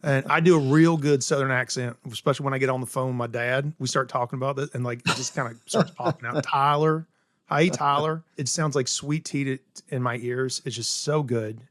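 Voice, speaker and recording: Here the South Carolina chef's voice is mid-range and steady, moving briskly with few pauses in a dry, studio-quality recording. As a middle-aged guest on an interview podcast, he chats casually and enthusiastically explains cooking one step at a time, sprinkling in plenty of "right?" tags.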